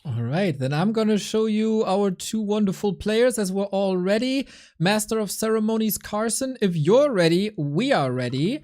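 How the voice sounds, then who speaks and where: A man's voice: high voice, animated, normal speed, a little mellow. A man casting a live esports stream, teasing his co-hosts and reading out viewer support with playful energy. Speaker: esports caster.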